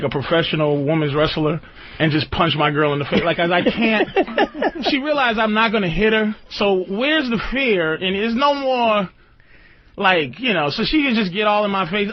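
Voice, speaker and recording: A man's voice: sits high, normal speed. A man hosting a radio call-in show, ranting in a profane, rambling way and laughing often. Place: radio studio. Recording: dull lo-fi radio recording with faint hiss.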